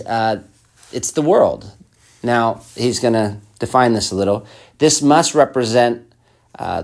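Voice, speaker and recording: A man's voice: fairly low pitch, darkish tone. A man preaching a sermon, reading an old text aloud and then explaining it in plain words, with hesitant restarts.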